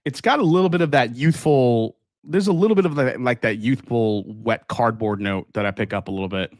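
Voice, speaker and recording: A man's voice: mid-range voice, a little fast, no room sound, clean studio sound. A man hosting a live stream, chatting casually, reading viewer comments and tasting, with many fillers and restarts. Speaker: livestream host tasting whiskey.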